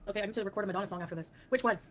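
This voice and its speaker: A woman's voice: medium pitch, very fast, background noise. A woman livestreaming casually, reading out and answering chat, laughing often and breaking into bits of song. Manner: thanks chat by name, laughs often, sings snatches.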